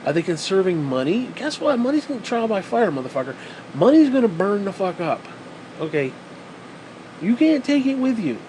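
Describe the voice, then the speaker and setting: A man's voice: high-pitched, sing-song, normal speed, darkish tone, slight background noise, low-quality recording. A man delivering a heated, profane and sarcastic ranting monologue as a vlogger.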